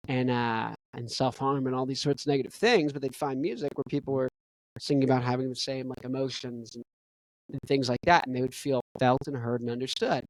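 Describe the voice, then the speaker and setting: A man's voice: mid-range voice, steady tone, fairly quick, no room sound, rough recording. Young man, podcast host, casual rambling monologue, dry close sound. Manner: rambling, full of "right?" and "you know" asides.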